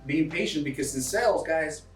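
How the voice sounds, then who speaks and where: A man's voice: fairly high pitch, expressive, brisk, roomy sound, distant mic, over music, poor audio. A man with a foreign accent, English not his first language, talking energetically in a casual interview and coaching listeners, often calling people dude and bro. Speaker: real estate investor guest.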